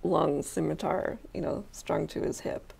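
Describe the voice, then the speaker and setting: A woman's voice: low-pitched, fairly even intonation, unhurried, creaky, a little mellow, slightly rough. A woman running a tabletop game as game master, narrating hesitantly with many fillers.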